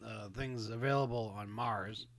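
A woman's voice: a bass voice, fairly even intonation, measured pace. A woman co-hosting a casual podcast chat, tossing in dry quips and short laughs. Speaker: podcast co-host. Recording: noisy recording.

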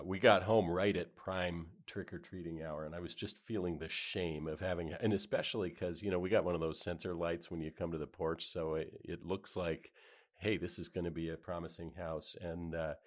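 A man's voice: low voice, level tone, normal speed. A man from Boston co-hosting a podcast, telling stories with a wry, joking manner. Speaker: podcast co-host. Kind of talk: casual chat.

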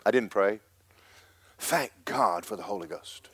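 A man preaching a fiery Pentecostal sermon in church, telling stories and building to emphatic, shouted points. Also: lowish voice, measured pace, breathy edge.

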